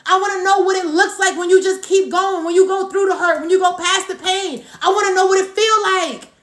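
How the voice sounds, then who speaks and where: Very high-voiced woman coaching with emphasis. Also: fairly even intonation, fairly quick, fairly bright tone, echoey room. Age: 30s. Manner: emphatic and repetitive, greets viewers by name. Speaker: team coach. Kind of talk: motivational live-stream talk.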